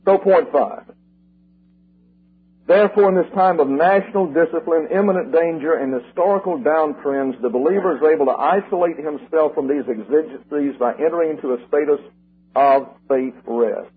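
Older man, preacher, husky voice, emphatic sermon delivery, tinny radio sound. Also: a little high. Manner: emphatic, numbered points, slogans repeated slowly.

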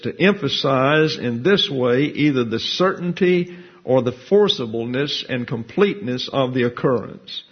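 A man giving an expository Bible lesson, methodically explaining Hebrew grammar terms and reading out scripture and quotations from grammar books. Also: medium pitch. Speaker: Bible teacher. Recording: dull lo-fi recording.

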